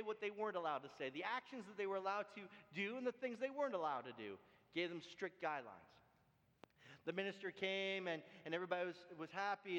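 A man's voice: high voice, a bit bright, long reverb tail. A man preaching a sermon as pastor, telling a story and speaking earnestly to fathers.

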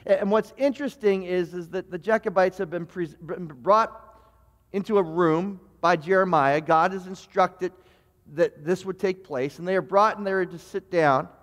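High-voiced stammering preacher in a reverberant hall. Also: male voice, normal speed. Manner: stammering restarts, conversational preaching. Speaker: pastor. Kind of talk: sermon.

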